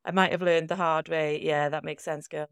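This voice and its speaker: A woman's voice: deep voice, little pitch movement, moderate pace, smooth, dry recording, clean studio sound. A British woman co-hosting a podcast, chatting casually and laughing often at herself. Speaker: podcast co-host. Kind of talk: casual chat.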